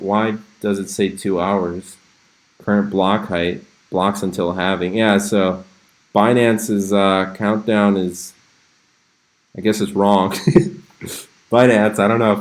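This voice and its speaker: A man's voice: lowish voice, poor audio. A man hosting a casual livestream, chatting, reacting to memes and answering viewers' questions with frequent laughs. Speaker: crypto livestream host. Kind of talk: casual livestream commentary reading chat.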